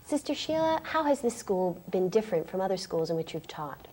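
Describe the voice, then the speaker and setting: A woman hosting a 1980s television magazine program, reading prepared lines in a clear, measured way. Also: medium pitch, sing-song, darkish tone. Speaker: program host. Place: 1980s TV studio.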